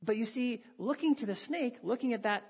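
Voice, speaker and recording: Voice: medium pitch, brisk, darkish tone, slightly rough. A preacher giving a conversational sermon, reading Bible passages aloud and putting questions to the listeners.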